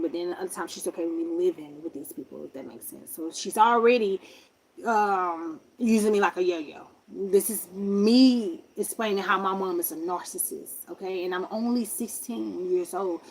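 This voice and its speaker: A young woman casually telling a personal story, acting out other people's voices with big jumps in pitch. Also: moderate pace, slight background noise. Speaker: vlogger telling a life story.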